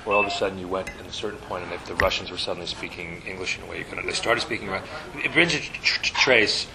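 A man as guest in a casual film chat, talking quickly and restarting his sentences often. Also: low-pitched, vocal fry, crowd noise, rough recording. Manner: quick, restarting, self-interrupting. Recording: background noise with dish clatter.

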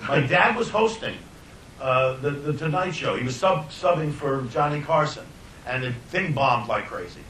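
An older man, a filmmaker, telling anecdotes in an animated way, often laughing and restarting his sentences. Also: normal speed. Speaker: filmmaker guest. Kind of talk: anecdotal storytelling. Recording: roomy distant mic, faint rumble.

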